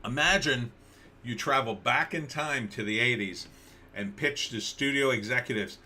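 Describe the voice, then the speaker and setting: Sarcastic man with a bright voice. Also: medium pitch, normal speed. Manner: sarcastic, rambling with frequent restarts. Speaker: livestream host. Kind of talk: casual livestream news commentary.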